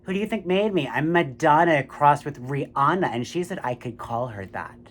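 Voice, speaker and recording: A man's voice: a little high, moderate pace, a little hiss or hum. A man delivering a ranting political monologue. He swears a lot and keeps turning to the listener with "my friends, right?". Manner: animated, profane, keeps saying "my friends, right?".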